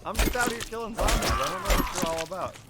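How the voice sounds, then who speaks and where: A man streaming a video game, chatting casually in a joking, excitable and playful way. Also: high voice, fast, very noisy. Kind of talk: casual gameplay chat. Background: game music.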